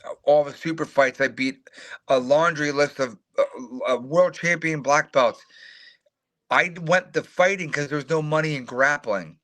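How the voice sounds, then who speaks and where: In an unhurried, slightly high voice, this middle-aged former fighter spins lively, foul-mouthed stories at his own expense during a relaxed interview. He imitates the voices of the people in them.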